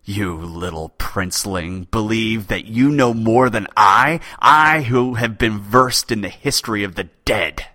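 A man voicing an aging, hot-tempered male chief poet with a thin, raspy voice, booming and imperious. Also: animated, takes it slowly, bright, forceful tone, no room sound, clean studio sound, full character voice. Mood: furious.

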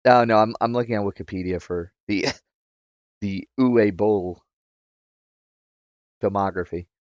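A man cohosts a podcast and teases the others with quick quips. His voice is on the low side, and the recording is close and dry. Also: darkish tone, no echo, lo-fi sound. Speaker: podcast co-host. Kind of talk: casual chat.

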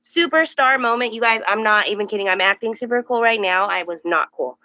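A young woman hosting a podcast, telling a story in casual chat and acting out the quoted voices with high, animated bursts. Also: fast, no room sound, muffled recording. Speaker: podcast host.

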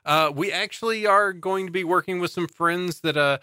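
Man, podcast host, bright clear voice, somewhat high, casual rambling chat, dry close sound. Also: moderate pace, no echo. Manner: playful, rambling, with frequent fillers.

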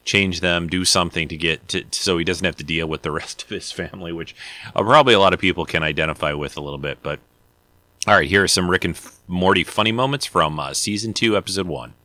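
A man's voice: sits low, quick pace, sharp tone, no echo. A man hosting a casual video, introducing clips in a rambling, hesitant way. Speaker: video host. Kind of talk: casual commentary.

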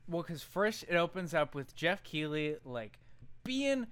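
A man chats on a podcast in a rambling, heartfelt way, full of "like" and restarts. His voice is bright and clear, slightly high. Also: very animated, a little slow. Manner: rambling, emotional, crude jokes. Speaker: podcast co-host. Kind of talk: casual chat.

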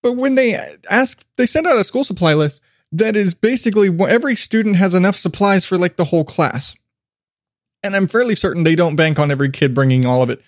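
A man's voice: high-pitched, no room sound, studio quality. A middle-aged man hosting his own podcast, rambling casually and laughing at himself, with frequent swearing. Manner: self-deprecating, swears freely, laughs often. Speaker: podcast host.

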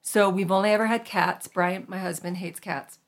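A chatty woman hosts a casual podcast conversation. Her pitch sits in the middle, and she laughs easily and tosses off quick asides. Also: fairly even intonation. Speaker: podcast host.

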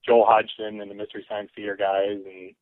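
A man's voice: fairly low pitch, completely flat delivery, a little fast, no room sound. A man from Alaska, a guest on a podcast, chatting in an easygoing, hesitant way with many ums. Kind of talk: casual conversation. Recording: phone-line call audio.

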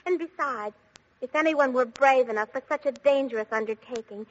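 A woman's voice: high voice, fairly quick. A woman playing a sweet, earnest young princess in 1940s radio drama. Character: gentle admiring young princess. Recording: dull old radio broadcast.

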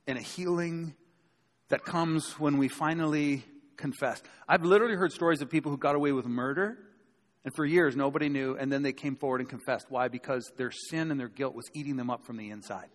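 A man with a fairly high voice preaching to a live congregation in a church. He speaks conversationally and with emphasis, and often puts rhetorical questions to the crowd. A long hall reverb rings after each phrase. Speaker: pastor. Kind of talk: sermon.

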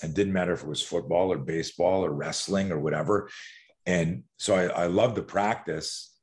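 A man's voice: deep voice, normal speed. A man from Canada, a guest who coaches people on fear, telling stories in a rambling, profane way with many restarts. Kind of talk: casual interview storytelling.

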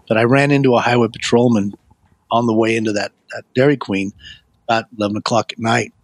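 A man's voice: fast talker, no echo. Middle-aged man telling a rambling life story. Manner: animated, acts out quoted voices with a raised pitch; rambling, with frequent fillers and restarts. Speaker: guest sharing his life story. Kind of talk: personal storytelling.

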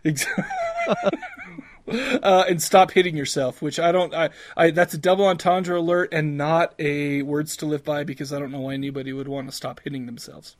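Higher-voiced man rambling with crude jokes. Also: steady tone, brisk, no echo. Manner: rambling, restarts, crude jokes, laughs often. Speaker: podcast co-host. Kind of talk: casual movie review chat.

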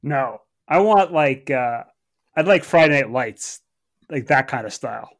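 A man's voice: mid-range voice, lively intonation, measured pace, dry recording, studio quality. A man co-hosting a sports podcast in casual chat, opinionated but hedging, with frequent restarts. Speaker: podcast co-host.

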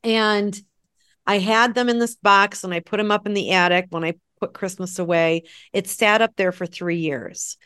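A woman in casual conversation, telling a personal story in an animated way and acting out the dialogue. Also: mid-range voice, normal speed, clean tone. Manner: animated, acts out quoted dialogue. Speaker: guest sharing a story.

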